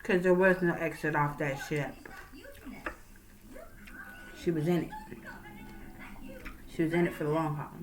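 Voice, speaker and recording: A woman telling a true crime story like she is chatting with friends, loose and conversational with fillers. Her voice sits on the low side, and music plays steadily underneath. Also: steady tone, unhurried, pauses often, poor audio. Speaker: storyteller, channel host.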